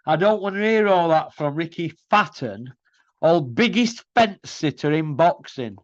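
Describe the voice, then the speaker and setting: A man's voice: on the high side, expressive, measured pace, no echo. Combative man ranting. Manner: mocking, combative, full of rhetorical questions. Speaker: boxing commentary host. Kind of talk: ranting opinion monologue. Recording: dull lo-fi dry sound.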